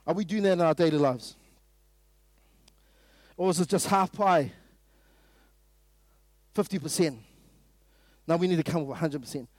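A man with a New Zealand accent preaching a sermon at a morning prayer meeting, emphatic and full of repeated rhetorical questions, now and then rising to a loud burst. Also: fairly high pitch, normal speed, long pauses, dry recording.

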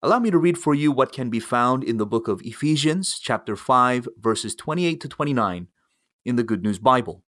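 A male minister giving calm pastoral guidance, speaking in a measured way. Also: medium pitch, no echo, clean studio sound. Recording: soft music underneath.

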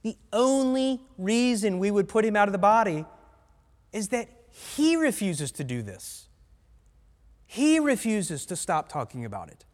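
Blunt high-voiced man preaching in a reverberant hall. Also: very animated, a little slow. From United States. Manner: blunt, conversational preaching with asides to the congregation. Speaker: pastor. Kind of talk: sermon. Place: church sanctuary.

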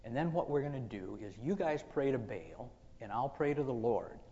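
A man's voice: mid-range voice, lively intonation, moderate pace, mellow, big-room sound, lo-fi sound, close to an everyday voice. A man voicing a bold, confident male prophet who talks plainly and teases, in a sermon retelling. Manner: plain-spoken, teasing.

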